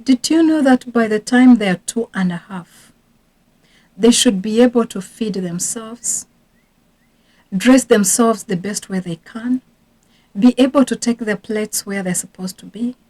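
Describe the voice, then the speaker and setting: A woman's voice: a little high, measured pace, mellow. A woman in her thirties working as a parenting coach, giving earnest casual advice with repeated emphasis. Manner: earnest, repetitive emphasis, occasional restarts.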